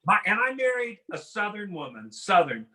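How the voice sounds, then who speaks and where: A man with a high, bright voice performs a stand-up routine, lively and quick to mimic other people's voices and drawls. He sounds middle-aged. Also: poor audio. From Washington State. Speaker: stand-up comedian.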